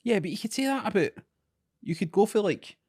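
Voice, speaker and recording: A relaxed young Scottish man with a Glasgow accent teases his co-host in easy conversation. His pitch rises and falls a lot. The sound is dry and close, with no room around it. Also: a little fast, husky, dry recording. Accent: Scottish, Glasgow area. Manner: laid-back, teasing. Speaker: podcast co-host. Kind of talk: casual chat.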